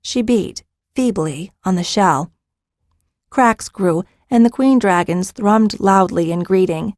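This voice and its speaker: A woman's voice: medium pitch, expressive, slow, darkish tone, dry recording, studio quality. Woman narrating a fantasy audiobook.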